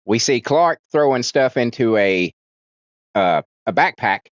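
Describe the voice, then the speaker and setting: A man's voice: medium pitch, measured pace, dry recording. A man casually recapping a movie's plot as a reviewer, rambling and swearing, restarting sentences and acting out characters' lines in livelier voices. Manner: profane, rambling, frequent restarts, animated voices for quotes.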